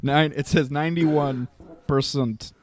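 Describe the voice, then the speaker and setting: A man's voice: a little high, steady tone, slow, darkish tone. A man hosting a podcast in casual chat, joking and laughing often. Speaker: podcast host.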